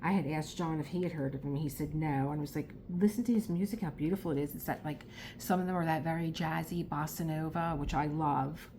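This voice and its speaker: A woman's voice: sits low, steady tone, brisk, hardly any pauses, darkish tone, a little hiss or hum. A middle-aged woman with a South Philadelphia accent, chatting casually and rambling as she crafts, laughing often. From Philadelphia, USA. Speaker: crafting vlogger. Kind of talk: casual chat while crafting.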